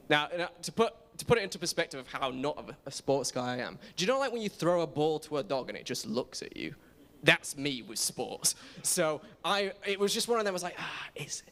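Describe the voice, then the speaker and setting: A man's voice: on the high side, fairly bright tone. A young man giving a casual, self-deprecating sermon in a church. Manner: self-deprecating, chatty, many restarts. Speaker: preacher. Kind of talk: casual sermon with personal stories. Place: church auditorium. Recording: reverberant church hall.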